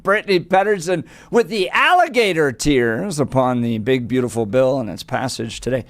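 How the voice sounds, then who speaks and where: A man's voice: mid-range voice, lively intonation, normal speed, few pauses, no room sound, clean studio sound. Sarcastic man hosting talk radio. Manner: sarcastic, mocking, punchy. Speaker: radio talk show host.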